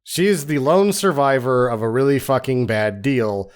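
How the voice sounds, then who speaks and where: A podcast co-host speaking at an ordinary middle pitch, blunt and frank in his opinions. He swears casually as he argues his point. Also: normal speed. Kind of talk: casual comedic chat.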